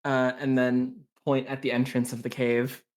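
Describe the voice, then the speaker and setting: A woman playing a tabletop game, describing her character's actions haltingly with many fillers. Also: a bass voice, flat delivery, a little mellow. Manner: halting, many likes and uhs. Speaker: player. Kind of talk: casual tabletop play.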